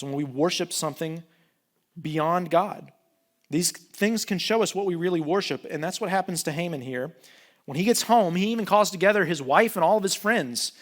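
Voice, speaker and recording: A man preaching a sermon as pastor, talking in a casual, animated way and joking with the congregation. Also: fairly high pitch. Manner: conversational, animated, jokes with the congregation.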